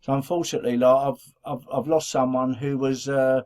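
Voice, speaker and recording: A man's voice: medium pitch, steady tone, fairly quick, darkish tone. A middle-aged man from the Black Country of England, co-hosting a podcast in casual chat, rambling and restarting his sentences often. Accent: Black Country English. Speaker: podcast co-host.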